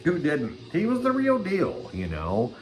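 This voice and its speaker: Older male vlog host, crude rambling ranter, big swooping pitch, faint music underneath. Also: wildly swooping pitch, a little slow, a little mellow. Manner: crude, rambling, swears constantly. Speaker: channel host. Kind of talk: rambling profane vlog rant.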